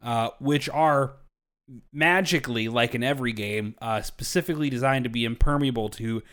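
A man from Kentucky co-hosting a podcast, riffing in animated, swearing casual chat. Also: mid-range voice, normal speed. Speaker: podcast co-host.

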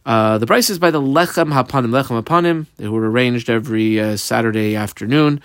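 A man works through a Talmud page line by line. He reads each phrase of the original text and then explains it in plain conversational English, pausing often on fillers. His voice sits at a middle pitch, and the recording is dry and close. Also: fairly bright tone, dry recording. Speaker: Talmud teacher.

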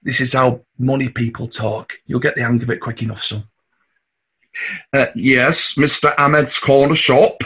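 A man's voice: mid-range voice, fairly even intonation, moderate pace, a bit bright, slightly rough. An actor with a Mancunian accent playing a scheming, boastful working-class husband and father, cocky and coarse. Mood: teasing. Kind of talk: audio drama acting.

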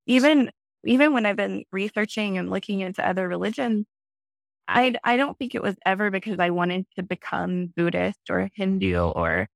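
A woman in her thirties, a podcast guest, telling a personal story in a lively way and acting out her own past lines. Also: moderate pace, gravelly, no echo. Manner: animated, acts out her own past lines in a high excited voice. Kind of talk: conversational storytelling.

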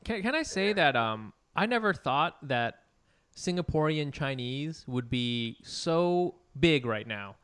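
A man's voice: a little high, sing-song, slow pace, a bit bright, clean tone. A man co-hosting a casual podcast chat, laid-back and joking with his guest. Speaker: podcast co-host.

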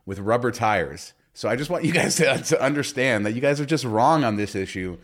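A man's voice: medium pitch, animated, brisk. A man co-hosting a casual podcast chat, telling stories with many fillers and restarts. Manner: rambling storyteller with many fillers. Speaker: podcast co-host.

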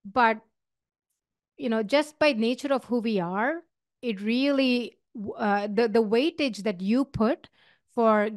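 Podcast host, woman, middle-aged, Indian accent, earnest and chatty, a bit high-pitched, dry sound. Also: slow pace, no echo. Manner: earnest, conversational with many fillers and restarts. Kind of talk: solo advice talk.

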